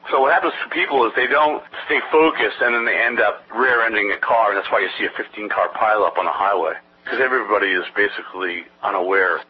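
A man's voice: fairly low pitch, quick pace, few pauses, husky. A man promoting his brain-training program in an interview, rambling and salesy, telling anecdotes. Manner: salesy, rambling, tells anecdotes with quoted voices. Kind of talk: energetic pitch of his program in a phone-style interview. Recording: dull lo-fi audio with faint hiss.

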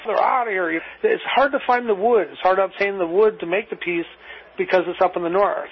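A man spinning a long, rambling anecdote as an interview guest, acting out both sides of the dialogue. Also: high voice. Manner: rambling, acts out dialogue with "I says". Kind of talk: anecdotal storytelling. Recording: muffled lo-fi recording.

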